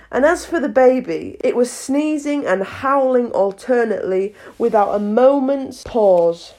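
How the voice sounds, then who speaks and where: A woman's voice: a little high, darkish tone. Woman reading a storybook aloud. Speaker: audiobook reader. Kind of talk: storybook narration.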